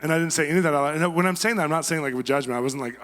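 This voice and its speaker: A man giving a conversational sermon, telling stories and acting out quotes in a lively way. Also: on the high side, racing. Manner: conversational, animated storytelling with acted quotes. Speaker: guest preacher. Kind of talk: sermon with storytelling. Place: church sanctuary. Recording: long reverb of a church hall.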